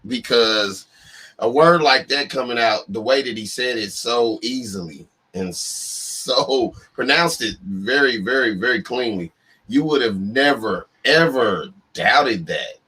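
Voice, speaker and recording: Joking bright-voiced husky man. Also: mid-range voice, unhurried, low-quality recording. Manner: playful, mock-exasperated, joking. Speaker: podcast co-host. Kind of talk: casual chat.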